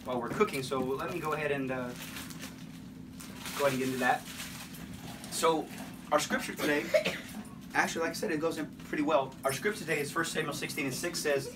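A man's voice: a little high, fairly even intonation, brisk, pauses often. Man, Bible teacher, casual lesson, playful asides, distant mic, noisy room.

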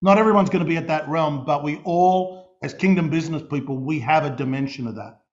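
A middle-aged Australian man preaching a sermon, telling stories in an animated way and often restarting and repeating his words. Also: a little high, brisk. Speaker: pastor. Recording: dull lo-fi recording.

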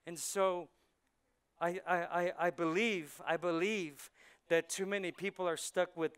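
Male pastor, high and bright voice, chatty preaching that jumps from quiet asides to loud punchlines. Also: fairly even intonation, a little slow, clean tone. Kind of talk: sermon. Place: church sanctuary.

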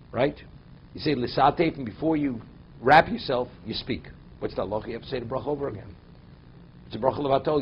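Man, halacha class, reads text then explains it, mid-pitched voice, muffled recording, faint room noise. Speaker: Torah teacher.

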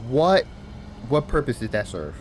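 A man commentating live on his own gameplay, excitable, repeating phrases and swearing at the enemies on screen. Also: mid-range voice, measured pace, a little hiss or hum. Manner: excitable, repeats himself, swears and laughs at the game. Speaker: gamer.

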